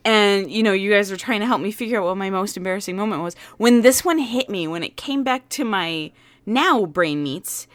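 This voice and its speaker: A woman's voice: mid-range voice, normal speed, no echo. A woman co-hosting a casual chat, telling a rambling story with playful word choices. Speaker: podcast co-host.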